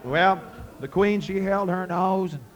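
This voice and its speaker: A middle-aged man with a Southern Appalachian accent, telling a folk tale to a live audience in a folksy, relaxed way. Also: sits high, unhurried. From Scott County, Virginia. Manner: folksy, relaxed, addresses listeners as friends. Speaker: storyteller and musician.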